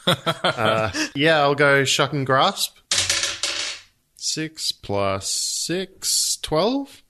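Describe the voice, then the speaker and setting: Slow, laid-back man player, noisy mic. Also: on the high side, very animated. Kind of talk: casual tabletop play.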